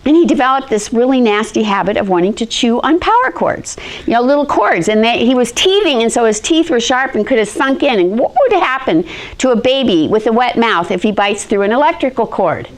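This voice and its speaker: Middle-aged female teacher, a bit high-pitched, lively storyteller, does voices for the people she quotes. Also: fairly quick. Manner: animated storyteller, acts out quotes in shifting voices. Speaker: history teacher. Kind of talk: classroom lesson with personal stories.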